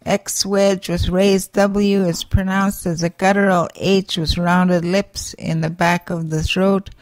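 Woman, pronunciation teacher, very slow, deliberate, sounds out each letter, slightly low voice, dry close recording. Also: little pitch movement, no echo. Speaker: language teacher giving pronunciation examples. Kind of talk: slow, careful pronunciation guide.

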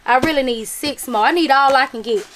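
A woman's voice: high-pitched, a little fast, a bit bright, slight background noise. A woman, chatting casually to her viewers about a craft and gift-basket haul, emphatic and talkative. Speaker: vlogger showing a craft haul. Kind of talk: casual chat to camera.

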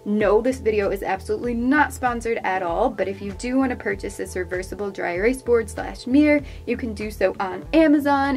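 Chatty young woman narrating a craft tutorial. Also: mid-range voice. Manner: chatty, upbeat, explaining step by step. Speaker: craft channel host.

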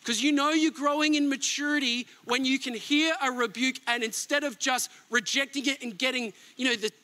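A middle-aged pastor preaching a sermon with emphatic swings between near-shouts and soft asides. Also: male voice, very high voice, fairly even intonation, moderate pace.

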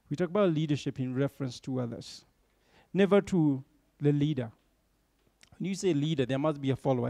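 A man's voice: a little high, warm tone, dry recording, clean studio sound. A middle-aged man giving a motivational storytelling talk to young leaders, often checking in with tag questions. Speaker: bank executive speaking to young leaders.

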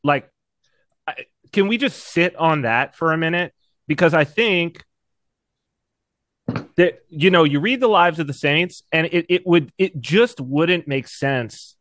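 A podcast co-host with a high voice that swings widely as he talks. He jumps in eagerly and stammers through restarts, recorded dry and close with no room sound. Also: lively intonation, a little slow, pauses often, a bit bright, no room sound. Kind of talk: casual conversational chat.

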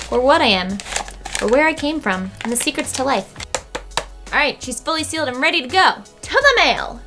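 A woman makeup vlogger talking casually to camera, excitable, chatty and joking. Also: on the high side. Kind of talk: casual vlog chat.

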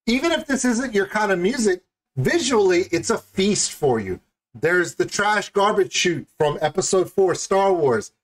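A man chats through his reaction to a music video with a rambling, jokey energy. His pitch jumps up and down a lot, and he keeps laughing at his own tangents. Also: expressive, unhurried. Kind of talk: casual reaction commentary.

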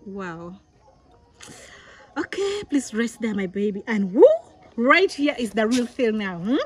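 Excited, laughing woman vlogger. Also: mid-range voice, slightly rough. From Uganda. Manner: emotional, laughing often, exclaiming; reading a letter aloud slowly. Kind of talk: excited unboxing vlog.

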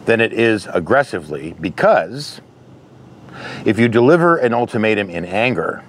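Deep-voiced man giving frank advice. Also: sing-song, moderate pace, slight background noise. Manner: candid, conversational, storytelling with anecdotes. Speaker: interventionist. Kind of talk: advice monologue.

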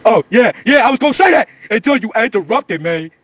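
A young man doing a profane improvised comedy voiceover, mumbling and trash-talking with a husky voice. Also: high voice, lively intonation, a little fast, a bit bright.

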